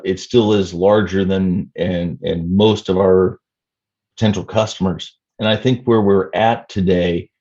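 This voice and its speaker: A man in his fifties, a startup CEO answering interview questions in a measured way with many "you know" fillers. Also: sits low, darkish tone, muffled recording. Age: 50s.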